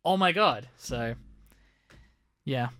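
A man's voice: mid-range voice, expressive, slow, sharp tone, dry recording, clean studio sound. A young adult man co-hosting a casual film review podcast, laughing as he critiques dismissively. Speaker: podcast co-host.

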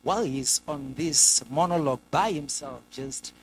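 A man preaching a sermon in a lively way, acting out the people in the scripture. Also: normal speed, poor audio. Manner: lively, acts out scripture characters with sudden pitch jumps.

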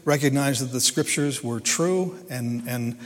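A man's voice: mid-range voice, a little slow. A man preaching a sermon in an earnest, emphatic way, often repeating and restarting his words. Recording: long hall reverb.

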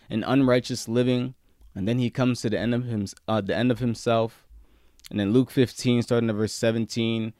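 Man, preacher, sermon, dry close sound, loud peaks and hushed stretches, casual slang. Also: clean tone, no room sound. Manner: swings from loud emphatic peaks to quiet, low-key passages.

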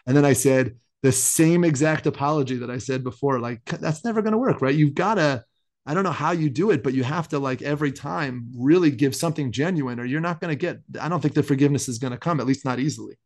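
A married man co-hosting a casual podcast chat, thinking aloud about scripture with many restarts and animated asides. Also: medium pitch, quick pace. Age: adult, married. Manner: rambling, self-interrupting, animated. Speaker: podcast co-host.

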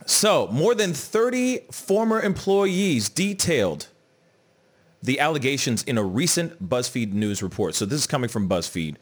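A man hosting a casual podcast, talking in a loose, animated way, peppered with "you know what I'm saying" and "bruh". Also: mid-range voice, unhurried, breathy edge. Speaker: podcast host. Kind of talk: casual chat.

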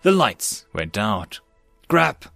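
Male audiobook narrator, steady even read, mid-pitched, faint music under him. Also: moderate pace, dry recording.

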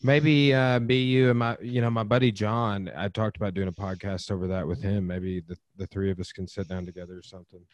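Very deep-voiced man, casual podcast chat. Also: fairly even intonation, a little fast, hardly any pauses, no room sound. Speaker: podcast host.

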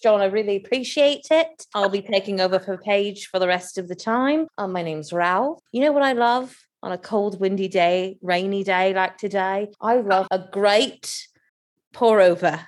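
A woman's voice: medium pitch, expressive, normal speed, lightly acted. A woman improvising a British male trolley driver who loves coffee and resents his father, with a put-on British accent and a playful, rambling manner. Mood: chatty. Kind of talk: improvised character bit.

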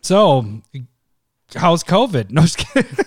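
A man's voice: on the high side, big pitch swings, takes it slowly, no echo, studio quality. A man hosting a casual podcast, rambling through stories with frequent laughs and acted-out quotes. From Minnesota. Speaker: podcast host.

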